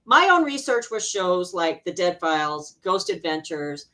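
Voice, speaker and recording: A middle-aged woman from Arizona, an interview guest and healer, telling personal stories in a casual, animated way with frequent laughter. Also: lowish voice, measured pace. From Arizona, USA.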